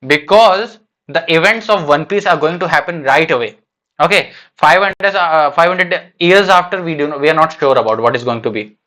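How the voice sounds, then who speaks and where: At a moderate pace, a man with a fairly high, sharp-toned voice reacts live on stream to a manga chapter. He talks through his thoughts casually, hesitating often, restarting and filling gaps.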